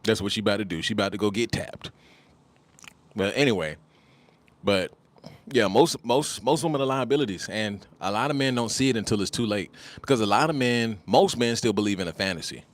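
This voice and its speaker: A man telling a personal story in a casual monologue, animated and repetitive, often calling the listener "bro". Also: lowish voice, fairly quick. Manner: animated, repeats phrases, addresses listeners as bro.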